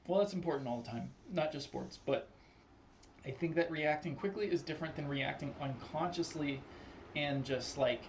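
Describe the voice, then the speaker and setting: A young man with a slightly high voice talks loosely and at length, filling his sentences with "like" and slipping into short, heated quoted outbursts. A faint hiss sits under the recording. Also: normal speed. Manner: loose and rambling, full of "like", acts out angry quotes. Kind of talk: casual spoken monologue.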